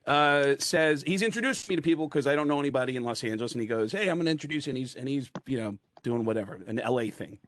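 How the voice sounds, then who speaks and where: A man's voice: medium pitch, fast talker, few pauses, no room sound. A man, a comedian, telling a rambling comic anecdote over a video call. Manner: rambling, animated, full of fillers. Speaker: comedian guest.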